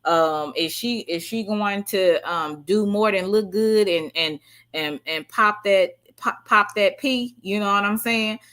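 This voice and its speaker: Bright-voiced woman chatting on a livestream. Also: mid-range voice, a little slow. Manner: chatty and animated, with frequent fillers and slang. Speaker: livestream host. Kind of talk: casual livestream chat reading viewer comments.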